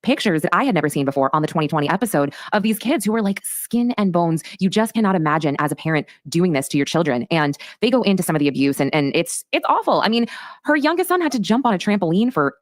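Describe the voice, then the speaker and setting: A woman hosting a true crime podcast, recapping a case in fast, emphatic storytelling. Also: lowish voice, big pitch swings, dry recording, studio quality. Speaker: podcast host.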